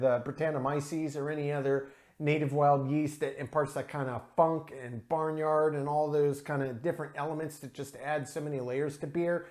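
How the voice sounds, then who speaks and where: A man's voice: a little high, darkish tone. A man giving a casual solo beer review, enthusiastic and descriptive, with frequent ums and uhs.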